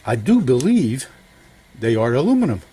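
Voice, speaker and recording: An older home mechanic vlogger talks to viewers at a moderate pace while he works on an engine, wandering from one idea to another in a folksy manner. His medium-pitched voice has big pitch swings and a dark tone, with slight background noise.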